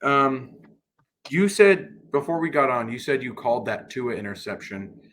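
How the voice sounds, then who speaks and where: A man's voice: medium pitch, animated, normal speed, fairly bright tone, slight background noise. Young dude hosting, asks questions, trips over his words a bit. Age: young adult. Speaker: podcast host. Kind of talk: casual sports chat.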